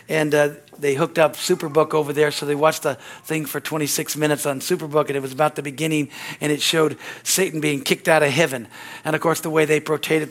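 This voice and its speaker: A man with a high-pitched voice preaches a sermon with fervent energy. He peppers his lines with amen and hallelujah and breaks into quick acted-out dialogues. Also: fairly bright tone. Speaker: pastor.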